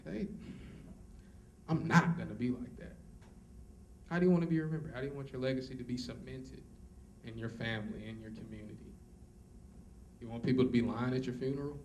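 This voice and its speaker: A man's voice: medium pitch, quick pace, warm tone. A man giving a motivational speech at a college event, repeating lines like a preacher and cracking jokes along the way. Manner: preacher-like repetition and joking asides. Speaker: motivational speaker. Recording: distant mic with faint noise.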